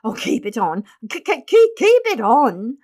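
A woman's voice: high voice, sing-song, slow, fairly bright tone, pitched above the performer's own voice, full character voice. A woman reading aloud, voicing a nervous, flustered father who stammers and hesitates.

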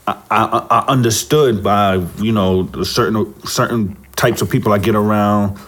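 A man co-hosting a podcast, talking in a laid-back, halting way and often repeating himself. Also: on the low side, fairly even intonation, fairly bright tone. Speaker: podcast co-host. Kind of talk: casual chat.

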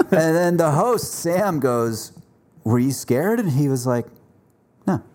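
A man hosting a podcast, telling stories in casual chat with relaxed filler words. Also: on the high side, measured pace. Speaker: podcast host.

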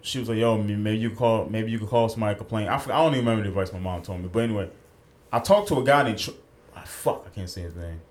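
A man's voice: fairly low pitch, rapid-fire. A man co-hosting a podcast, telling a story in casual chat, acting out the quotes and swearing freely, at a studio mic. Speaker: podcast co-host.

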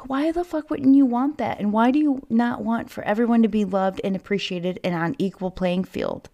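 A woman's voice: a little high, moderate pace, dark tone. A woman hosting a solo podcast, fired up and angry, swearing often and rambling into asides, recorded inside a child's play tent at home. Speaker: podcast host. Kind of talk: casual solo podcast monologue.

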